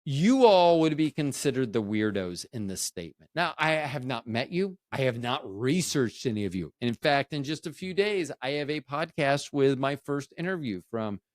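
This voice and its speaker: A man's voice: mid-range voice, animated, moderate pace, few pauses, no room sound. Guy rambling thru a funny story on his podcast, voice bouncing up and down, dry close mic. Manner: rambling, jokey, self-interrupting with "anywho, anyhow, anyway". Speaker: podcast host. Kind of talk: casual solo podcast storytelling.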